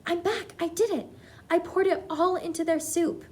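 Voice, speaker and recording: A woman voicing a small boy turned mouse, whispering softly and eagerly. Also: very high voice, normal speed, voice pushed up. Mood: proud.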